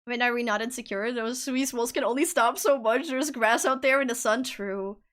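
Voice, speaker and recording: A woman's voice: fairly high pitch, moderate pace, a bit bright. A young woman streaming live, chatting casually and playfully with her viewers, often breaking into giggles.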